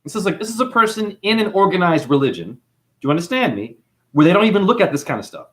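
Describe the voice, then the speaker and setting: New Zealand-accented man, livestream host, rambling and preachy, very lively pitch. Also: fast talker. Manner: rambling, preachy, calls listeners honey. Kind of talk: livestream monologue reading chat.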